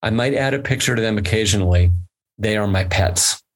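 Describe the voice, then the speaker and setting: A man's voice: lowish voice, brisk. A man appearing as a guest on a podcast, talking earnestly, stammering into sentences and reading a long quote aloud. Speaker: podcast guest, photo editor. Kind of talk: casual conversation.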